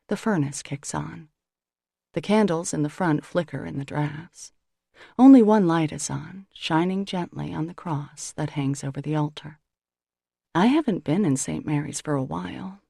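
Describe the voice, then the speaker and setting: Gravelly-voiced woman reading a novel. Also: lowish voice, mellow, no room sound, clean studio sound. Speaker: audiobook narrator. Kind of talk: first-person novel narration.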